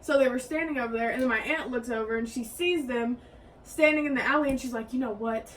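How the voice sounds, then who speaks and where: A young woman, telling a story in a lively, casual way and acting out what others said. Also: fairly high pitch, fast. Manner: animated, acts out quotes in raised voices. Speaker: co-host. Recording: mic at a distance, faint background hiss.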